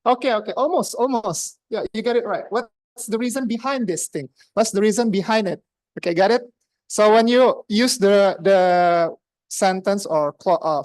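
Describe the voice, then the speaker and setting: A woman's voice: mid-range voice, a little mellow, no echo. Chatty Indonesian woman quizzing a club. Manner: chatty, asks the room questions, many fillers. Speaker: club grammarian. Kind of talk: interactive club speech. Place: club meeting room.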